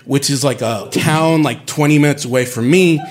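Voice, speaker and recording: A man from Puerto Rico telling a personal story in an animated, candid way, swearing casually. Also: mid-range voice, normal speed, a little hiss or hum.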